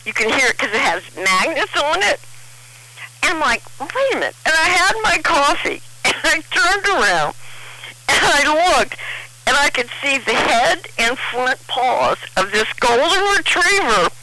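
A woman's voice: high voice, very animated, a little slow, bright, forceful tone, low-quality recording. A middle-aged woman telling a personal story in a rambling, emotional way, often restarting her sentences.

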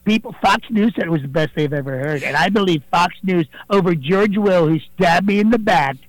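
A man doing an impression of a boastful male president, gravelly and repetitive, with a voice that swings up and down. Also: brisk, dry recording, close to an everyday voice, poor audio. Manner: bragging, repetitive, swings up and down in pitch. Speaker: impressionist caller.

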